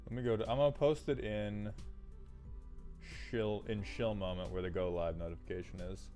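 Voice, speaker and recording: A man's voice: on the low side, steady tone, moderate pace, mellow, soft background music. A man streaming live, chatting casually and cheerfully greeting viewers by name.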